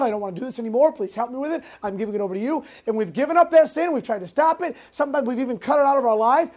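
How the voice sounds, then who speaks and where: A youth pastor from Massachusetts preaches a sermon to a youth group. The voice sits at a mid pitch. The delivery is animated storytelling, full of fillers and quick self-interrupting asides. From Massachusetts, United States.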